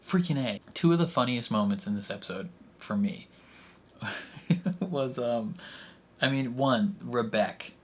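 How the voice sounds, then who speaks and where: A man's voice: mid-range voice, expressive, measured pace, pauses often, a little hiss or hum. A man casually reacting to a TV episode, chatty and rambling, with lots of filler words. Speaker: reaction channel host.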